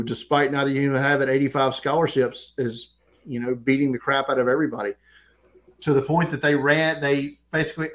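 A man with a Southern US accent, co-hosting a sports podcast in relaxed, casual chat full of fillers. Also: fairly high pitch. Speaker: podcast co-host.

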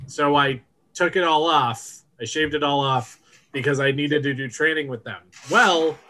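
A man's voice: on the high side, a little slow, bright, forceful tone. A man co-hosting a podcast in casual, joking banter. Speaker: podcast co-host. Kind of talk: casual chat.

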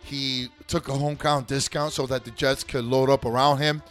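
A man's voice: medium pitch, little pitch movement, normal speed, fairly bright tone, soft background music. A man hosting his show, talking in an emphatic, rambling way full of swearing and restarted sentences. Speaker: show host. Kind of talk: profane rambling commentary.

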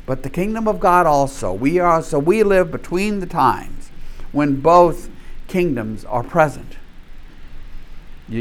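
A man from North Louisiana teaching a Bible study in a conversational way, often checking in with the group and telling stories with animation. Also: on the high side. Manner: animated storyteller.

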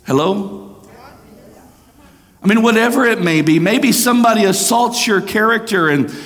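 Male pastor, fairly high voice, fervent preaching with hushed dips, long church reverb. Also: moderate pace. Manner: impassioned preaching, swinging between raised and hushed. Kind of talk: sermon. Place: church sanctuary.

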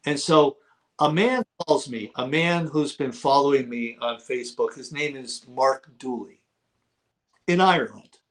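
A middle-aged man guesting on an interview show, talking in a casual, lively storytelling way. His voice sits at an everyday middle pitch, and he often repeats a word to drive it home. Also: unhurried. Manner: animated storyteller, repeats words for emphasis. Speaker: guest author.

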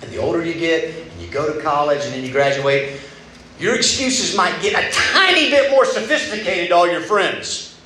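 A young man gives a casual, conversational sermon and slips into quoted voices to make his points. His voice sits a little high and bounces around a very echoey room. Faint noise hums underneath. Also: animated, moderate pace, bright, forceful tone. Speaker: preacher at a student retreat. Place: large room at a retreat.

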